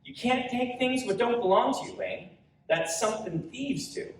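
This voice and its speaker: A man voicing a tired, loving working mother who scolds softly, read aloud at a convention panel. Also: very high voice, normal speed, creaky, far from the mic, voice pushed up. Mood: stern. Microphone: audience recorder in front row. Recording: roomy hall recorded from audience.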